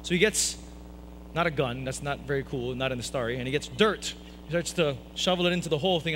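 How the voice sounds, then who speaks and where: A man's voice: high voice, fast, pushed and bright, slight background noise, low-quality recording. A man preaching a sermon at a church service, telling stories in a playful, self-mocking way with jokey asides. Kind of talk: humorous sermon storytelling.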